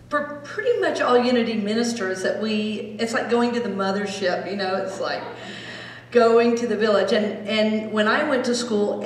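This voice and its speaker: A middle-aged woman minister giving a storytelling sermon that sinks to a soft hush when she voices prayer phrases. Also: medium pitch. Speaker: Unity minister. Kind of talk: sermon with guided meditation. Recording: echoey hall, voice from far off.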